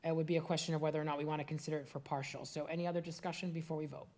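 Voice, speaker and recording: A woman's voice: deep voice, level tone, racing, darkish tone. A woman with a Boston accent chairing a council meeting, talking casually and businesslike with fillers. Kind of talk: public meeting discussion.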